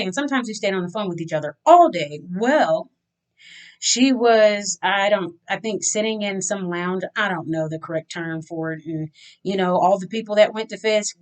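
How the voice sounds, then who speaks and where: A woman telling a personal story to her viewers in a casual, chatty way, acting out the dialogue as she goes. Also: medium pitch. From Louisiana. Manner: chatty, animated retelling with acted-out dialogue. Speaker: vlogger. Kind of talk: candid storytelling to camera.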